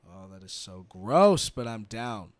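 A man's voice: on the low side, sing-song, a little slow. A man hosting a casual podcast chat at home, joking, teasing and swearing freely. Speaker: podcast host. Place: home, recorded in person.

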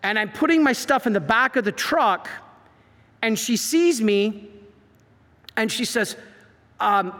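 A man, a priest giving an animated talk full of stories and acted-out quotes. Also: high voice, unhurried, long pauses. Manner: animated storyteller, acts out quotes. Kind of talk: preaching talk. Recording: reverberant hall.

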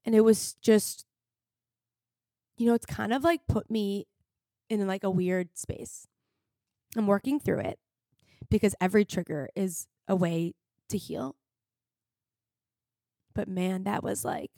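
Speaking slowly with long pauses, a young woman with a warm, mid-range voice hosts a podcast and pours out a personal story as a casual confessional monologue. She rambles, uses many fillers, and becomes emotional and occasionally tearful. The sound is clean studio quality with no room noise.

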